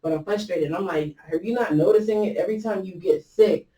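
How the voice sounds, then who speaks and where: A woman hosting a podcast tells a rambling personal story in a warm, mid-range voice at a fairly quick clip. Quoting what others said, she fills it with fillers and restarts, recorded on a distant mic with a roomy echo.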